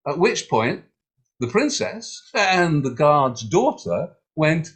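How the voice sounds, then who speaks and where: Playful, animated male storyteller. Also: on the high side, measured pace, husky. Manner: playful, animated, with mock drama. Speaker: storyteller and event host. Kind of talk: storytelling to an online audience.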